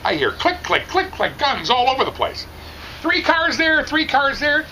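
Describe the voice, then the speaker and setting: A middle-aged man telling a rambling, animated story, casually chatting outdoors at a barbecue competition. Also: very high-pitched, normal speed, a little hiss or hum, rough recording.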